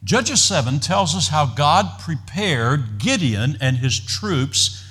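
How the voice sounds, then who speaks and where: A man preaching a sermon to his congregation in a measured, earnest way that builds in intensity. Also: fairly high pitch, sing-song, fairly bright tone, slightly rough. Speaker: pastor.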